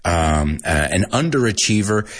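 An American man with a husky, slightly breathy voice hosts a casual language lesson. His pitch swings widely as he explains, and he keeps chuckling between points. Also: measured pace. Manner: animated, chuckles often, switches between English and Spanish. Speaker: language teacher and podcast host.

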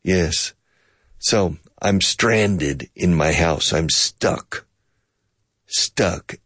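A man's voice: extremely slow, fairly bright tone, no room sound, clean studio sound. A man giving a playful English lesson, acting out both sides of a conversation and explaining phrases with bits of Spanish. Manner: acts out both sides of a conversation, switching pitch. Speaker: English teacher.

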